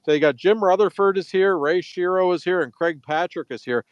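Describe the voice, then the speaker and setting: A man's voice: high-pitched, fairly quick, smooth, dry recording, muffled recording. A man casually chatting as a hockey writer on a podcast, telling stories in an offhand, dry way.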